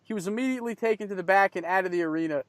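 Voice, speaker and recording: High-pitched host guy reading an article out, measured, super dry audio. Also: no echo. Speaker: podcast host. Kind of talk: reading a news article aloud.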